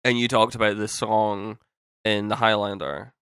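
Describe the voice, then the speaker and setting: A young man with a fairly low voice that is bright and crisp, co-hosting a podcast in easy banter. He rambles, restarts his sentences and drops the odd swear. The sound is very dry and close. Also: little pitch movement, normal speed, dry recording. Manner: rambling, self-interrupting, swears casually. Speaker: podcast co-host. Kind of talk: casual podcast chat.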